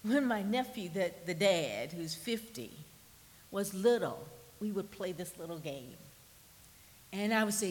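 A woman pastor, preaching a sermon in a conversational style that sometimes drops to a soft near-whisper for emphasis. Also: mid-range voice, expressive, measured pace, big-room sound. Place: church sanctuary.

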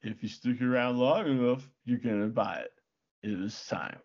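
A man reading lines as a gruff veteran male mercenary leader in a flat, deadpan way. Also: mid-range voice, normal speed, muffled recording, lightly acted.

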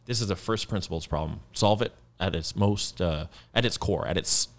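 A man's voice: sits low, moderate pace. A man in his thirties, a guest founder explaining his work in a loose, casual podcast chat with plenty of fillers.

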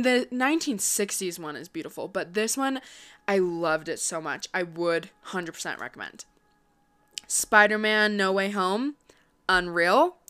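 A young woman vlogger chatting casually to her viewers, quick and upbeat, with lots of fillers. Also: on the low side, a bit bright. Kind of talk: casual chat.

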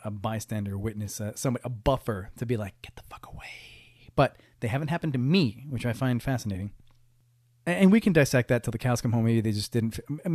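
A man's voice: medium pitch, a little mellow, no room sound, clean studio sound. A young man hosting a podcast, telling stories in a casual, rambling monologue that is wry and profane, full of restarts. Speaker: podcast host.

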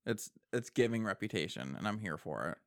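A man casually reacting to new songs, excitable, swearing often and breaking into laughter. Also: on the low side, normal speed. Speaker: music reaction host. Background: faint music.

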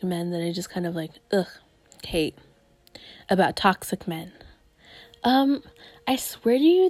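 A woman's voice: fairly high pitch, dark tone, dry recording. A woman hosting a podcast, ranting in a crude, profane, casual way, full of groans and disgusted sighs. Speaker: podcast host.

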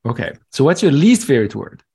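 Male host, husky voice, mid pitch, brief measured questions. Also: sing-song, a little mellow. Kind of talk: interview questions.

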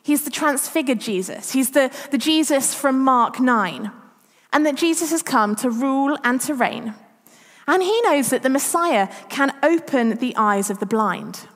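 A woman's voice: high-pitched, lively intonation, a little slow. A woman giving a chatty, self-deprecating church talk as preacher. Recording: long reverb of a church hall.

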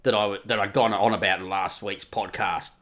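A man's voice: fairly low pitch, a little fast. A middle-aged man ranting profanely through a comic podcast monologue. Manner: sweary, ranting, animated. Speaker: podcast host.

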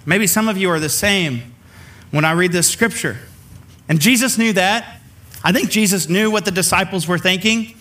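A male pastor delivers a casual, conversational sermon. His voice sits high and sounds bright. He breaks into short acted bits of the figures in his story. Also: moderate pace. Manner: conversational, acts out the figures he quotes.

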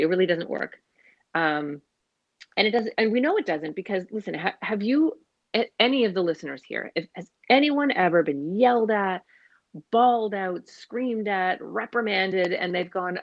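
A woman's voice: lowish voice, no echo. Earnest woman with muffled audio. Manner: earnest, animated, acts out parent and child voices. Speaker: parenting guest speaker. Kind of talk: casual conversational explanation.

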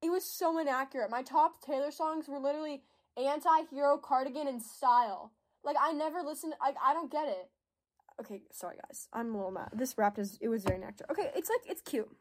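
Casual chatty female vlogger, talks while crafting, lots of "like", a bit high-pitched. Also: quick pace. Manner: rambling, filler-heavy with lots of "like"; self-deprecating, chatty asides to viewers.

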